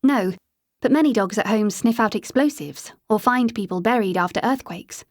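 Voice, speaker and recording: A woman's voice: on the high side, lively intonation, normal speed, no room sound, studio quality. A woman reading the part of a friendly modern young woman stranded in the past, who explains things patiently, in an audiobook.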